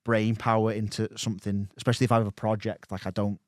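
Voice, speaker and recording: Rambling man, lowish voice. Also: flat delivery, fast talker, dry recording, clean studio sound. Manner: rambling, with many restarts and fillers. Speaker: podcast guest. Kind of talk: casual podcast chat.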